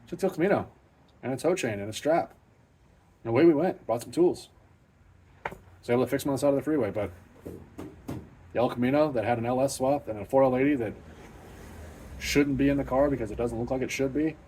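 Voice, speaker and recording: A middle-aged man hosts a loose, unscripted vlog from his home garage, cursing freely and talking bluntly, plainly, and with self-deprecating candor as a car channel host. His voice sits at medium pitch with a dark tone, and there's slight background noise.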